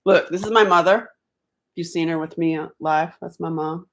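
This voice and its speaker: A middle-aged woman from North Carolina chatting on a live stream at home, rambling and quick to laugh. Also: on the low side. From Asheville, North Carolina, US. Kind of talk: casual live-stream chat. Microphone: laptop computer mic.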